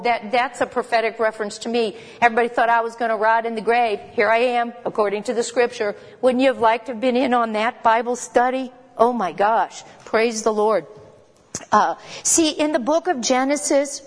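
A woman teaching a Bible lesson in a conversational, emphatic way, with quick asides to her listeners. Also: a little high, in a large hall.

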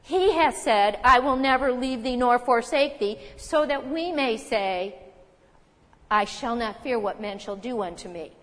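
A woman delivers a sermon in an earnest, emphatic way, turning to the congregation with rhetorical questions. Her voice sits a little high, and a long reverb trails behind it as it rings through a large hall. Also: measured pace. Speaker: preacher.

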